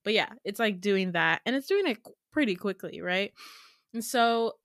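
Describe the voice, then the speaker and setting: A woman's voice: medium pitch, moderate pace, no echo, clean studio sound. A young woman hosting a podcast, casually retelling a dream with lots of laughter and the odd swear word. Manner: animated, laughing, swearing freely. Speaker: podcast host. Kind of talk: casual storytelling.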